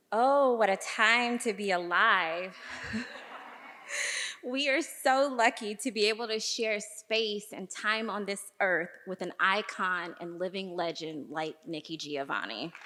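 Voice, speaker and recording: Young woman, archivist, warm admiring intro, mid pitch, reverberant hall. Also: slow, a little hiss or hum. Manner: warm, admiring, with light laughs. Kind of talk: personal introduction speech. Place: large performing arts hall.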